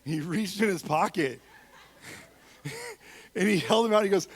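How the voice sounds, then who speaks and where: A man giving a sermon as a guest speaker in a church, telling stories with acted-out quotes, swinging from loud emphasis to soft, quiet moments. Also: high-pitched, normal speed, vocal fry. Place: church sanctuary.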